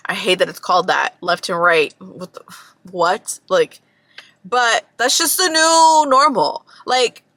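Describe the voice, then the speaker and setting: A woman's voice: mid-range voice, slow, pushed and bright, no echo. A young woman ranting bluntly and profanely in a casual monologue, talking from her parked car. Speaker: vlogger.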